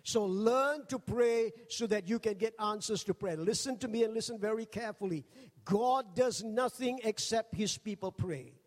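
A male pastor preaching a sermon in a jokey, animated storytelling manner. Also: high-pitched, moderate pace, in a large hall. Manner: jokey, animated, acts out quoted voices.

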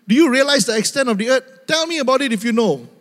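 A man's voice: very high-pitched, lively intonation, quick pace, fairly bright tone, pitched above the performer's own voice. A male preacher voicing God as a stern, sarcastic questioner, heard in a reverberant hall. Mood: sarcastic challenge.

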